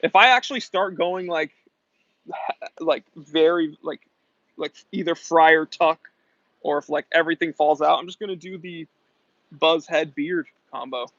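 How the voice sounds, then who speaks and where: A young man with a slightly high voice chats casually through a live stream, answering comments in a loose, upbeat way. His voice is close and dry, with a somewhat dull, lo-fi sound. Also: a little slow, long pauses, fairly bright tone, dry recording. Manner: casual, upbeat, chatty with fillers. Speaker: host.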